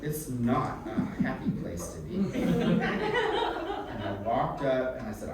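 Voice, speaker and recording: Animated man telling stories in an echoey room. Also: mid-range voice, measured pace, gravelly. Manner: animated, self-mocking and frank, swears freely. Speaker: storyteller. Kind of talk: live comic storytelling to an audience. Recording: echoey room from a distant mic with background noise.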